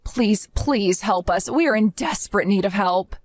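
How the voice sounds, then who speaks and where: A woman's voice: medium pitch, animated, normal speed, no room sound, close to an everyday voice. Exhausted young mother voiced by a woman, pleading and apologetic, dry close sound. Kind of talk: scripted story acting.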